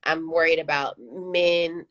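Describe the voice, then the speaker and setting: A woman coach speaks in a thoughtful, earnest way during a live panel talk about raising children. Her voice is somewhat low for a woman. She keeps an easy, conversational flow. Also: fairly even intonation, takes it slowly, fairly bright tone. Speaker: parent coach.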